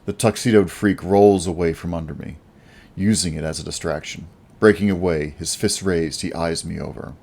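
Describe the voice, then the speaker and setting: Low-voiced male audiobook narrator. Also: normal speed, creaky, a little mellow. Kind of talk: first-person audiobook narration.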